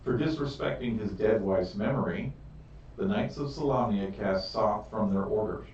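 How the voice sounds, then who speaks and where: A male game master reads out scenes in a slow, deliberate way. He sounds distant from the mic, in a roomy space with a dull, muffled tone. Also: on the low side, darkish tone, slight background noise. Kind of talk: narrating a tabletop game. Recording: echoey room, far from mic, dull.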